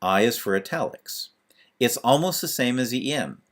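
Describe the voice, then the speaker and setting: A man's voice: mid-range voice, animated, normal speed. A man teaching a screencast lesson on web pages, talking through each step as he types, with fillers. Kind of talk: screencast tutorial.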